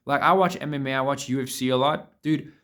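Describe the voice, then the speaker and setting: Man, mid-pitched, casual motivational vlogger; blunt, profane, repetitive, talks to viewer as bro. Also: fast, fairly bright tone.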